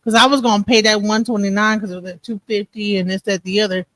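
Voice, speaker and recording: A woman's voice: mid-range voice, little pitch movement, fast talker, fairly bright tone, no room sound, low-quality recording. A woman in a casual podcast chat, asking many questions. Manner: inquisitive, asks many questions.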